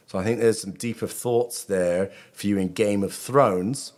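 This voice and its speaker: Chatty rabbi rambling about a show. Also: male voice, lowish voice, fairly even intonation, measured pace, hardly any pauses, a little mellow. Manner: rambling, self-interrupting, chatty asides. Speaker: rabbi and channel host. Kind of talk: casual video commentary.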